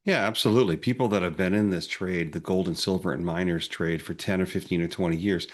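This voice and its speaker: A man's voice: low voice, fast. A man who advises clients, giving plainspoken, practical advice in a panel discussion. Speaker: financial advisor guest.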